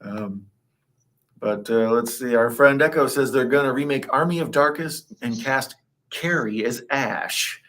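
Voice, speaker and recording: A man co-hosting a casual livestream, reading viewers' comments aloud and riffing on them. His voice sits at a middle pitch and often leaps up when he jokes. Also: a bit bright. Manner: jokey, reads comments aloud, quick laughs and pitch jumps. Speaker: co-host reading live chat.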